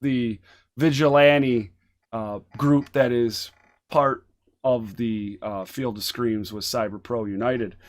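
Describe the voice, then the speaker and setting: A man's voice: mid-range voice, steady tone, slow, dry recording. A man co-hosting a casual wrestling chat show, rambling with fillers as he recaps matches. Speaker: podcast co-host.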